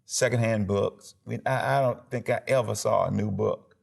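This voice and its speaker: Gravelly low-voiced man, emphatic. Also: normal speed. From Alabama, USA. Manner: emphatic, animated storyteller who acts out quotes and sound effects. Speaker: pastor and former football player. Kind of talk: personal storytelling in a TV interview.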